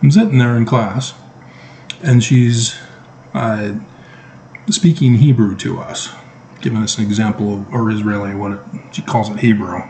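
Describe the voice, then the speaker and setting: A man's voice: fairly low pitch, normal speed, long pauses, warm tone, a little hiss or hum, low-quality recording. A middle-aged man talking to camera in a casual monologue, emphatic and sarcastic, throwing out rhetorical questions. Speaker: vlogger.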